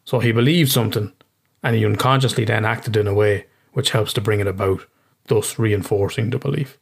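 A man's voice: lowish voice, fairly even intonation, a little fast, gravelly, breathy edge. A man with an Irish accent, a therapist, explaining ideas casually in an interview, swearing freely and often restarting his sentences.

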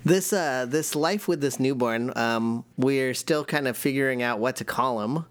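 A young man co-hosting a relaxed podcast chat. He laughs often and slips into little voices when he acts out his family in his stories. His pitch sits in the ordinary middle range. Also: moderate pace. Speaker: podcast co-host. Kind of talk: casual chat.

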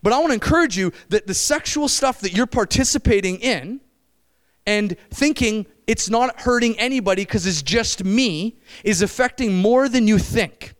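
A middle-aged man preaching at a camp meeting, animated, shifting between loud exclamations and low, intense stretches. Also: moderate pace. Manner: acts out quoted voices. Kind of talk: sermon.

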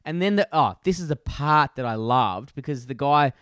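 A man's voice: medium pitch, lively intonation, moderate pace, fairly bright tone, clear, resonant tone, no room sound, clean studio sound. A man co-hosting a casual podcast over a video call, ranting and swearing as he tells a story with lots of energy. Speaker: podcast co-host.

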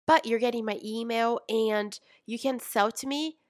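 A young adult woman coaching in a chatty, animated way, calling her listener mama and sis. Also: fairly high pitch, normal speed, no echo, studio quality. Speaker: business coach. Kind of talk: casual coaching talk.

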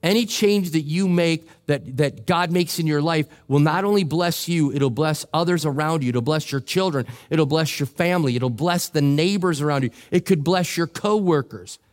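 A man's voice: a little high, normal speed, hardly any pauses. Jokey storytelling man preaching a sermon. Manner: storytelling, jokey, animated with quoted voices. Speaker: pastor. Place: church sanctuary.

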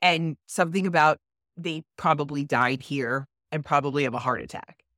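A woman with a low voice tells a ghost story in an animated, casual way and swears freely. The sound is dry and close. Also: moderate pace, no room sound. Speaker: podcast co-host. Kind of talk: casual chat.

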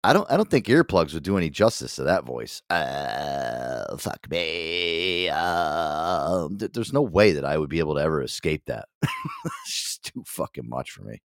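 Lively, low-voiced male podcast host. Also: quick pace, no echo, studio quality. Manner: joking, teasing, swears a lot. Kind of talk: casual chat.

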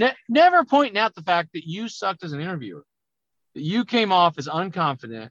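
A man talking loudly and emphatically as a business coach in a conversational podcast interview. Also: high-pitched, fast talker, no room sound, muffled recording. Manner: loud, emphatic, animated talker. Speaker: auto repair business coach.

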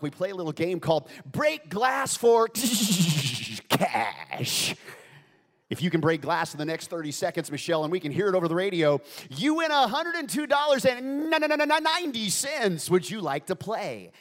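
A man putting on the voice of a slick, hyped-up male radio DJ running a call-in prize game, with a loud, showy announcer delivery. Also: high-pitched, sing-song, normal speed, voice pushed up. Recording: long hall reverb.

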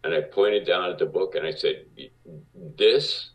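A man from Cuba, a guest on an interview show, telling anecdotes in a lively way and acting out what people said. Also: low-pitched, brisk. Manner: animated, acts out quotes. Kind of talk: casual interview storytelling. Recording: distant, dull lo-fi audio.

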